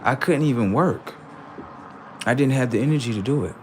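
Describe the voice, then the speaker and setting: A man hosting a livestream, telling casual stories to his viewers in an animated way, swearing freely and acting out voices. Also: medium pitch, brisk, slight background noise. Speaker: livestream host.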